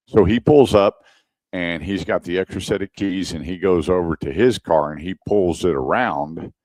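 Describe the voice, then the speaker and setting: A man's voice: low voice, normal speed, a little mellow, no echo. A man hosting a car radio show, telling a story in casual chat and acting out the dialogue. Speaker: radio show host, former car salesman.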